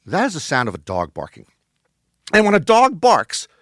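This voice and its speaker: A man's voice: high-pitched, moderate pace, no room sound, studio quality. Sardonic male host, wry and emphatic. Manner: wry, deadpan sarcasm with sudden emphatic bursts. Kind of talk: scripted comedic monologue.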